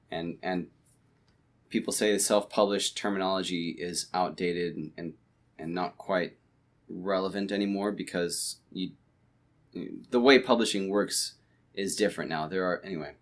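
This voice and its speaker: Low-voiced man rambling casually. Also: a bit bright. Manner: rambling, many restarts and fillers. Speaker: podcast co-host. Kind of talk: casual chat. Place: home, late at night.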